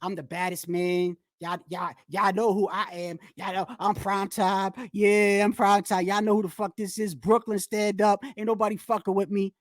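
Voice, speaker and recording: A woman's voice: mid-range voice, level tone, normal speed, hardly any pauses, no room sound, studio quality, pitched below the performer's own voice, lightly acted. Woman doing a cocky trash-talking boxer. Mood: boastful. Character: boastful swaggering male boxer.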